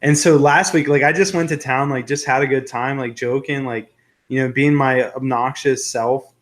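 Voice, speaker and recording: A young man chatting casually on a live stream, mid-pitched and relaxed. He rambles, jokes and reads out viewer comments, with plenty of ums and restarts. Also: normal speed. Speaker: livestream host.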